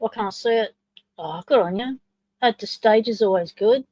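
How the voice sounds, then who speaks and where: A woman hosting a live stream in casual chat. She talks to herself as she runs the stream software and comments along with a video. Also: mid-range voice, normal speed, dry recording, poor audio.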